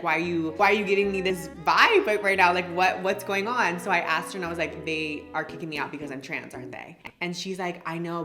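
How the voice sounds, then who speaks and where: A woman in her twenties telling a casual storytime, chatty and animated, full of slang and "like.". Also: low-pitched. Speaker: beauty vlogger.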